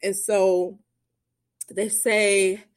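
A young adult woman tells her own story in a loose, chatty way, with plenty of fillers. She acts out the people she quotes as she goes, and her speaking voice sits at an ordinary middle pitch. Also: flat delivery, drawn-out words, no echo, studio quality. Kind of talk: personal storytelling.

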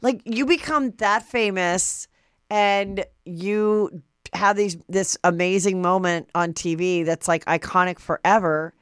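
A woman's voice: lowish voice, steady tone, slow, clear, resonant tone, no echo, clean studio sound. A woman hosting a podcast, chatting casually in a loose way with lots of "like" and "um". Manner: loose, filler-heavy talk. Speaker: podcast host. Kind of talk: casual chat.

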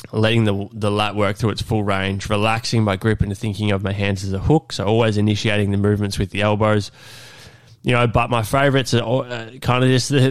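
A man's voice: lowish voice, clean tone, no room sound. Nasal, congested man hosting a podcast. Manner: relaxed, many fillers and restarts. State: unwell, congested. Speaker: fitness podcast host. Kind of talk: solo podcast talk.

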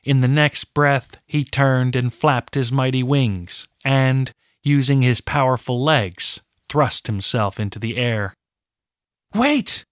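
A man narrating a fantasy novel in a measured, deliberate way. His pace is very unhurried and his pitch is middling. The sound is dry and close. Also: fairly even intonation, no room sound. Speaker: audiobook narrator. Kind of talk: scripted narration.

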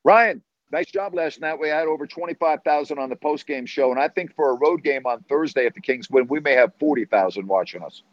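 Male call-in radio host, excitable storyteller, dull dry studio sound. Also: medium pitch, quick pace, few pauses, dry recording. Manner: enthusiastic, rambling storyteller. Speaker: sports talk radio host. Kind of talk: casual call-in show talk.

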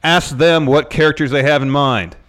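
A man's voice: fairly high pitch, steady tone, normal speed, a bit bright. A man co-hosting a casual wrestling podcast, chiming in with dry, blunt remarks. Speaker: podcast co-host. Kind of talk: casual wrestling news chat.

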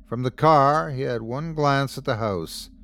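A man hosting and narrating a horror story podcast in a dramatic, expressive scripted reading. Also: medium pitch, measured pace, creaky, no echo. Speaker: host and narrator.

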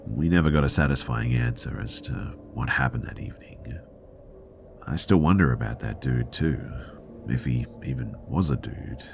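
A man with an extremely deep, low voice reads a spooky story aloud as a podcast narrator. His delivery is measured and deliberate, and at tense moments it sinks into a hushed near-whisper. A faint ambience sits under the voice. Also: creaky, slight background noise. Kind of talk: scripted horror story narration.

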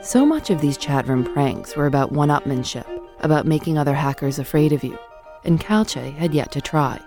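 A woman hosting an audio documentary, narrating in a measured scripted way and putting questions to her guest. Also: low-pitched, animated, music in the background. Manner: measured, clear storytelling narration. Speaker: host and narrator.

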